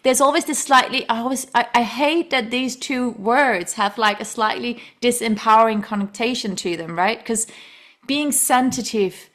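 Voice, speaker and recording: A woman's voice: fairly high pitch, normal speed, a bit bright. A woman hosting a podcast, chatting casually and emphatically, laughing often and speaking directly to listeners. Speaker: podcast host. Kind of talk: casual conversational podcast chat.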